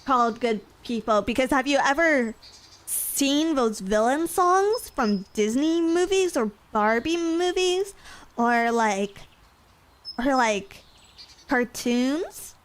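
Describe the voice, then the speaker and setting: High-voiced playful woman streamer. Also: animated, slow. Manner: playful, giggly, rambling. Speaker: VTuber streamer. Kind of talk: casual chat stream.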